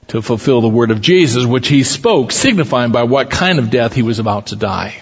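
A man's voice: mid-range voice, moderate pace, hardly any pauses, husky. A man, a pastor, reading scripture aloud with dramatic lifts for the quoted lines, then teaching from it in a church. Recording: long hall reverb, dull lo-fi sound.

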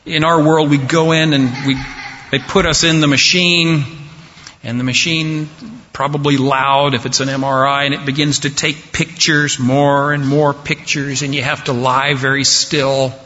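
A man preaching a sermon slowly and deliberately, pausing for effect. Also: fairly high pitch, pushed and bright. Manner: slow, deliberate preaching with dramatic pauses. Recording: dull sound with long hall reverb.

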